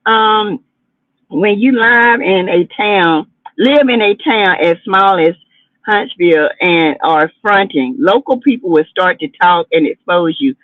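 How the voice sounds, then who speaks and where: A woman's voice: medium pitch, animated, unhurried, no room sound. A sassy woman chats through reality-show gossip on her livestream. Her delivery is chatty and dramatic. The sound is tinny and phone-like, with a dry, close feel. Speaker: livestream host. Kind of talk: casual gossip commentary livestream.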